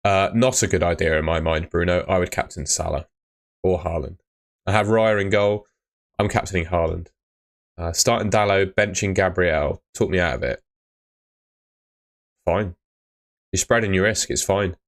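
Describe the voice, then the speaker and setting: A young man hosts a live stream in a very low voice. He reads out viewers' questions and answers them bluntly, tacking "mate" onto nearly every reply. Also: moderate pace, long pauses. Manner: chatty, blunt advice, often ends with "mate". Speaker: fantasy football streamer. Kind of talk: casual live-stream chat.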